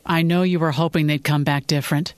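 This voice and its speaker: A woman voicing a sympathetic office colleague leaving a gentle, hesitant voicemail. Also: low-pitched, fairly even intonation, brisk, no echo, lightly acted. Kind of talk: audiobook-style fiction reading.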